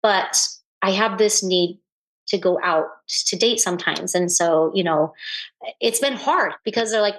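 A woman in her forties talks openly as a guest in a relaxed interview. Her voice sits at an ordinary middle pitch, and she speaks in a reflective, earnest way. She pauses often and restarts her sentences. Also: rough recording. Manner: earnest and reflective, halting with frequent fillers. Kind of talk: candid conversational interview.

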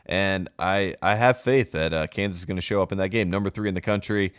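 A man's voice: low voice, fairly quick, smooth, no echo, clean studio sound. A young man co-hosting a sports podcast, talking casually and enthusiastically, laughing as he goes. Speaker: podcast co-host.

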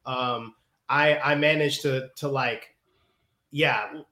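A man in his early thirties from near Chicago with a slight Chicago accent, hosting a podcast and talking quickly with self-deprecating energy. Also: mid-range voice, fairly even intonation, bright, forceful tone. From Northwest Indiana, near Chicago. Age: 30s. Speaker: podcast host. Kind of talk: casual podcast chat. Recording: roomy echoey home mic.

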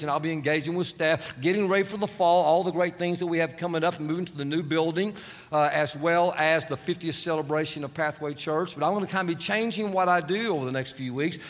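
A male pastor preaching a sermon in a relaxed, conversational way, leading the congregation in prayer. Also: a little high, big-room sound. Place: large church sanctuary.

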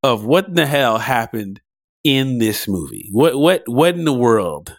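A man's voice: medium pitch, big pitch swings, measured pace, no room sound, clean studio sound. A man co-hosting a casual movie review chat, playful and teasing. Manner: playful, teasing, jumps into loud mock exclamations. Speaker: movie review podcast co-host.

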